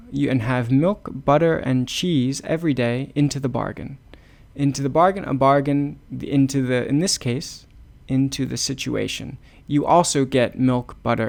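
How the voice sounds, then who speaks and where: Male English teacher, unhurried storytelling lesson, gravelly voice, explains each phrase. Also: medium pitch, a little mellow. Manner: repeats and explains words patiently. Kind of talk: slow storytelling lesson for learners.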